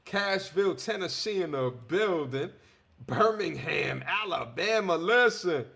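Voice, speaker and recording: A man hosts a casual livestream, all hype as he reads out where his viewers are tuning in from. His voice sits high and swings wide, and his tone is bright and forceful. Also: animated, a little slow, creaky. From Long Island, New York. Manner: hyped, shouting out viewers' cities. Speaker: livestream host.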